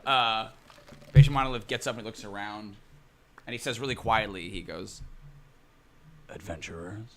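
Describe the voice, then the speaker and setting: A man's voice: lowish voice, normal speed, gravelly, pushed and bright. Rambling man narrating as dungeon master. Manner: loose, rambling narration full of likes and fillers. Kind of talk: narrating a tabletop game.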